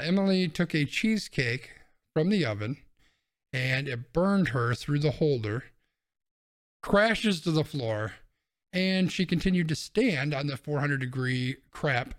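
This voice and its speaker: A man hosting a podcast, chatting casually and ranting bluntly, with some swearing. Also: fairly high pitch. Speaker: podcast host.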